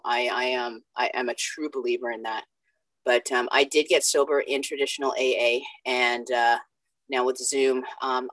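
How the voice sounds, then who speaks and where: A woman's voice: very deep voice, fairly bright tone, dry recording, poor audio. A woman sharing her story at a recovery meeting over a video call, candid, profane and self-mocking. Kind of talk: personal share at a recovery meeting.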